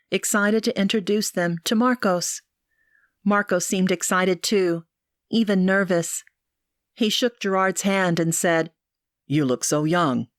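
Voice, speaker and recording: A woman with a mid-range voice narrates an audiobook in an even, measured way. The recording is dry and clean, with studio quality.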